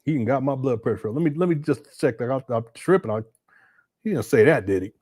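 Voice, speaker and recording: A man's voice: mid-range voice, lively intonation, quick pace, a little mellow, breathy edge. A middle-aged man hosting a livestream, commenting casually in colloquial speech, often incredulous and stammering through repeats. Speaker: livestream host.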